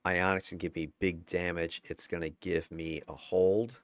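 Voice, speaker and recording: A man's voice: low-pitched, level tone, normal speed, no room sound, studio quality. A man giving a casual, candid breakdown of his own gameplay footage, chatty and given to chuckles and mild swearing. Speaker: gameplay commentator.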